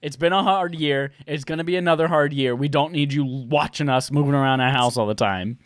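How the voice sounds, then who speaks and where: A man's voice: a little high, brisk, no room sound, studio quality. A man co-hosting a podcast, chatting casually and jokily, acting out little quotes in silly voices. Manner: jokey, acts out quotes in put-on voices. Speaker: podcast co-host. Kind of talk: casual chat.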